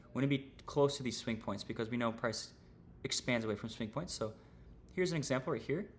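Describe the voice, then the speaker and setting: A man's voice: medium pitch, a little fast, slight background noise. A young man teaching trading on a livestream, casual and rambling, full of slang and fillers. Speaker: trading streamer.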